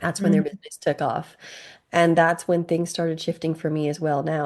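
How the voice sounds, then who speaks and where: A woman's voice: sits low, flat delivery, normal speed, a little mellow. A woman from Hawaii, a podcast guest, telling stories earnestly with lots of fillers in casual interview chat. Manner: earnest, filler-heavy storytelling.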